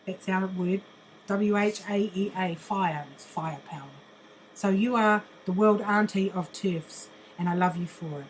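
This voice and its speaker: Older New woman, blunt sweary vlog rant, mocking tone, medium pitch, faint background hiss. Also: unhurried, low-quality recording. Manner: blunt, mocking, swears constantly, laughs often. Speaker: vlogger. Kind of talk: profane ranting monologue.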